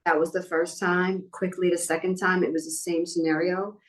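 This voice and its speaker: A woman's voice: on the low side, flat delivery, normal speed, rough recording. A middle-aged woman from New York telling a personal story in a podcast interview, acting out what other people said. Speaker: guest.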